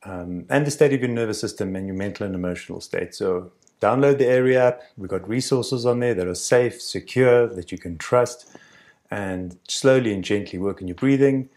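Calm deep-voiced man teaching breathing. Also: moderate pace, no room sound, clean studio sound. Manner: calm, gentle, encouraging. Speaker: breathing coach. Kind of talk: outdoor breathing instruction. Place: outdoors in a canyon.

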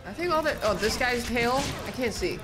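A young woman streaming a game, commenting excitedly and swearing as she plays, out of breath. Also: on the high side, fairly quick. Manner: excitable, swearing, thinking aloud. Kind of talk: live gameplay commentary. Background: game music.

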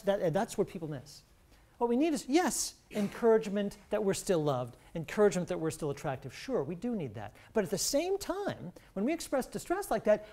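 A woman's voice: medium pitch, warm tone. A woman professor giving an earnest talk, explaining her research with some restarts. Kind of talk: scripted talk on couples' health.

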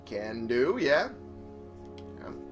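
A man's voice: medium pitch, sing-song, very slow. A young man giving casual, chatty gameplay commentary, thinking aloud and swearing freely. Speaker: let's play host. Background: game music.

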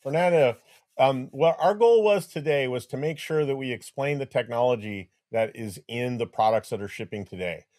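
A man's voice: mid-range voice, moderate pace, dark tone. A man presenting on a live webinar over a video call, answering viewer questions conversationally with small restarts and dry jokes. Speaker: webinar presenter for an audio brand.

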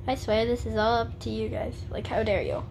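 A woman's voice: on the high side, fairly quick, creaky, a little mellow, slight background noise. A woman chatting casually in a home vlog, playful and dramatic as she complains about pain. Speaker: vlogger. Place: house, at home.

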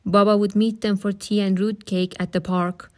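Female reader of novels aloud, calm and steady narration, mid-range voice. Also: mid-range voice, moderate pace. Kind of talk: audiobook-style reading.

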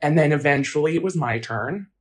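A woman's voice: low-pitched, lively intonation, brisk. A woman telling her own story in an interview, casual and blunt, with frequent fillers. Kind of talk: personal account in an interview.

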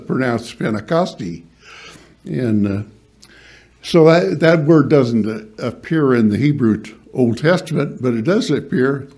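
Guy giving a sermon at church, slow and kinda husky, lots of uhs and restarts. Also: medium pitch, dark tone. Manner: halting, many restarts and fillers, reads scripture aloud; quizzes the congregation lightly. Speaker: pastor. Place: church hall.

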